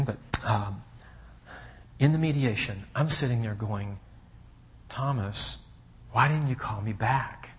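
Man telling a sermon story. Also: fairly low pitch. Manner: conversational, checks in with listeners; swings from hushed to emphatic. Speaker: pastor.

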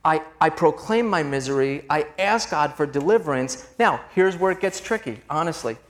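A man's voice: a little high, expressive, normal speed. A man preaching a sermon in a conversational, confessional way, calling his listeners "gang" as he moves between personal stories and scripture.

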